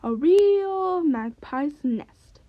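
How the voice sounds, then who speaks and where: A chatty, bossy magpie teacher from a storybook, as a woman puts her on. Her voice sits high and bright, full of eager self-importance, and the recording sounds a little dull. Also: animated, unhurried. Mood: bossy chirpy.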